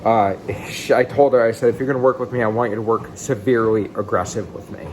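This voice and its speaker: A man in his thirties telling his own life story in a blunt, casual way. He swings between excited outbursts and quiet, low asides. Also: fast talker, slight background noise, low-quality recording. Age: 30s. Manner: blunt and casual, with some swearing. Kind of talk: candid personal storytelling.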